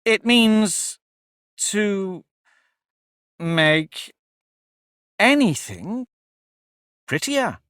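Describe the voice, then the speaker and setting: A man's voice: sits high, big pitch swings, drawn-out words, pauses often, fairly bright tone, clear, resonant tone, dry recording, studio quality, voice pushed up, full character voice. A man voicing Alice, a polite and curious young girl, in an audiobook, with a prim, earnest manner. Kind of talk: audiobook character voice.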